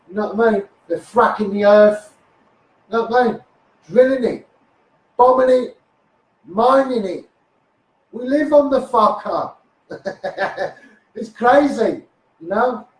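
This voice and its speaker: A man with a Liverpool accent ranting in a Facebook live monologue, swearing and firing repeated asides at his viewers, recorded on a phone. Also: very high-pitched. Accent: Liverpool (Scouse). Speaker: self-styled activist livestreamer. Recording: echoey room, far from phone mic.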